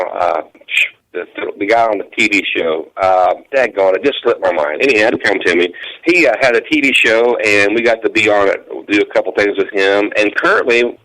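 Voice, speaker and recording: A man's voice: lowish voice, fairly bright tone, rough recording. A man, a country musician and guest, talking in an easygoing, folksy way. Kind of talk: casual interview chat.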